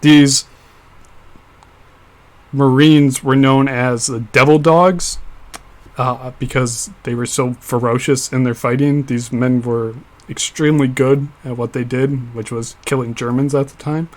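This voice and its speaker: A man's voice: mid-range voice, steady tone, measured pace. A young man co-hosting a casual history podcast, explaining events at length with frequent fillers and restarts. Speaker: podcast co-host.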